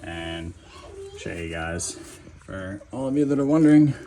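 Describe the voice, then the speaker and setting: A man's voice: deep voice, animated, a little slow, background noise. A man giving a casual how-to while he works on a truck in a garage, talking loosely to viewers with lots of fillers. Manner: chatty, loose, addresses viewers as guys, many fillers. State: out of breath at times. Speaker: DIY mechanic. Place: home garage.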